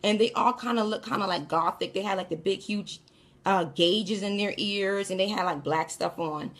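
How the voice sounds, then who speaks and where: A woman with a husky, breathy voice tells a dream story as casual spoken testimony. Her pitch sits in the middle of the range. She talks straight to her listeners in a chatty way. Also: normal speed, fairly bright tone. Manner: chatty, addresses listeners as y'all.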